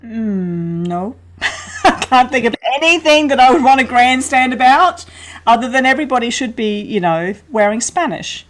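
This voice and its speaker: A woman's voice: on the high side, normal speed, slight background noise, low-quality recording. A middle-aged woman, a podcast guest, telling a funny anecdote with lots of laughter and acted-out quotes. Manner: laughing, animated storyteller acting out quotes. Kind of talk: anecdotal storytelling in a podcast interview.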